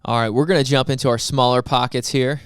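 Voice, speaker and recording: A young man co-hosting a podcast in casual chat, chiming in with quick agreement and asides. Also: mid-range voice, fairly even intonation, faint music behind. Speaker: podcast co-host.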